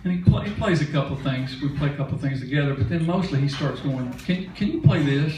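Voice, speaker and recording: A man's voice: fairly high pitch, lively intonation, fast, noisy background. Older male storyteller, folksy and chatty, heard from a distance in an echoey concert hall. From Mississippi. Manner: folksy, chatty, laughing now and then. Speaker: musician telling a story on stage. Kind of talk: onstage storytelling.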